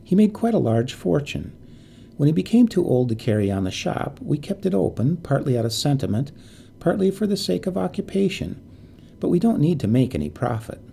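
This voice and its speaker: Gentle young woman in a storybook, earnest and fond, lively lilt; a gravelly male narrator reads her. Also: fairly high pitch, a little fast, a little hiss or hum, pitched above the performer's own voice. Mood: polite.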